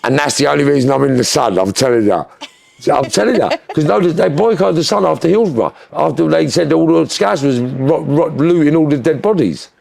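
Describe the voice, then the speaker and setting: A man with a Liverpool accent, an interview guest telling his story in a lively, animated way, swearing freely. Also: on the high side, brisk, vocal fry. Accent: Liverpool (Scouse). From Liverpool, England. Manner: animated, swears freely, mimics other voices.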